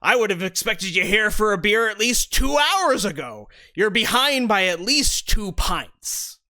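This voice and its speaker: A man's voice: high-pitched, sing-song, unhurried, sharp tone, pitched above the performer's own voice, exaggerated voice. A man voicing a portly male brewer who runs a tavern, speaking in a teasing, hearty way during a tabletop game.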